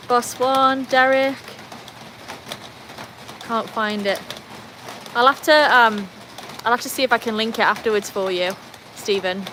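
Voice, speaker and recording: A woman's voice: fairly high pitch, sharp tone, a little hiss or hum, low-quality recording. A woman with a British accent hosting a casual livestream from a covered veranda in the rain. She chats with viewers, reads out their comments and coaxes her dogs along. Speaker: livestream host. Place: covered tin-roofed veranda during rain.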